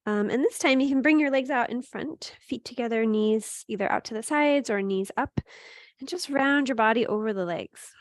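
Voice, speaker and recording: Calm woman guiding a gentle yoga class. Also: on the high side, normal speed, no echo, studio quality. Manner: calm, encouraging cues with frequent "right?" and "um"; speaks to students by name. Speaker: yoga teacher. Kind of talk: guided yoga class instruction.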